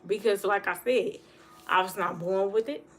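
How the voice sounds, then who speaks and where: Woman, livestream host, quick and earnest speech, repeats points for emphasis, casual monologue. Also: medium pitch, soft background music. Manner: fast talker.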